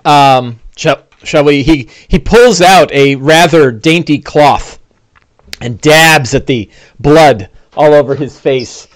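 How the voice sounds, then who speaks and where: A man narrating a tabletop game as game master, animated and full of fillers. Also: fairly high pitch, takes it slowly, dry recording.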